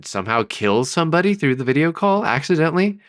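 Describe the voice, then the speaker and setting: A man co-hosting a storytelling podcast, pitching ideas in casual chat, hesitant with many fillers. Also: sing-song, fast, fairly bright tone, no room sound, clean studio sound. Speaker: podcast co-host.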